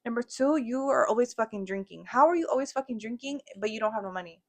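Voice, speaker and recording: Fast-talking profane young woman storyteller. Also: on the high side, animated. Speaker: podcast co-host. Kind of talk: casual chat.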